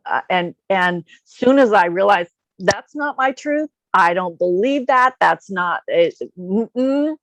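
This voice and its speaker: A woman's voice: medium pitch, lively intonation, slow, dry recording. A woman telling a personal story in a casual chat, emotional and laughing often as she talks. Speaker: guest.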